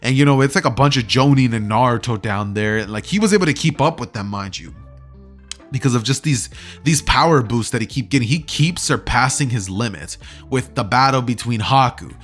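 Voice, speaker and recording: A young man rambles through a fan story in a loose, chatty way, stacking "like" and "you know" as he goes. His voice sits at an ordinary middle pitch. Soft music plays quietly behind him. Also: expressive, a little fast. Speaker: YouTuber. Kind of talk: casual retelling of a fan story.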